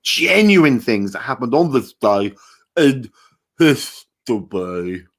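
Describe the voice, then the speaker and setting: A man's voice: mid-range voice, slow, very noisy. A man co-hosting a casual comedy chat, joking and slipping into silly voices. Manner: jokey, lively, puts on silly voices in quotes. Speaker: podcast co-host.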